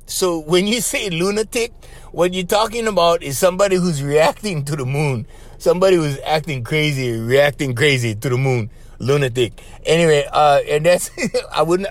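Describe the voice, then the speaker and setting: A man's voice: fairly high pitch, moderate pace. A middle-aged man from Hawaii with a Hawaiian Pidgin accent, hosting a podcast in a rambling, casual storytelling way, repeating his words and chuckling often. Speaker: podcast host.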